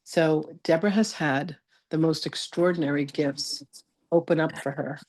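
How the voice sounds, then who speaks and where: A woman hosting a spiritual interview, affirming her guests and telling lively stories with laughter. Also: sits low, moderate pace. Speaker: host.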